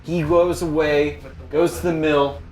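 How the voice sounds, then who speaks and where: A man recapping a bad movie in casual chat, profane and animated. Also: a little high, a little slow, echoey room, soft background music, rough recording.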